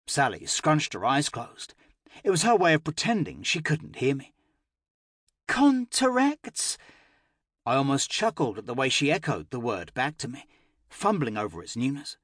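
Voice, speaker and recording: A man narrating a first-person fantasy audiobook with expressive, emotional delivery. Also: mid-range voice, normal speed, husky, no room sound, studio quality.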